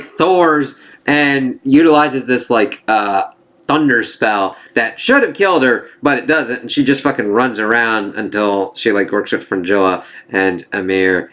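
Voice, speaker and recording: A man reviewing a TV series in a loose, unscripted ramble. His voice sits a little low, and he swears freely, piling on asides and working himself up into excitable bursts. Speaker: TV show reviewer. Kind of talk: casual spoken review.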